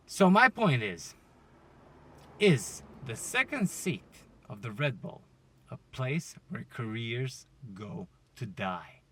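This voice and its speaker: A man hosting a casual solo podcast, ranting, joking and swearing, with loud outbursts. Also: mid-range voice, very animated, slow, breathy edge. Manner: swearing, joking and heckling the listeners. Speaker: podcast host.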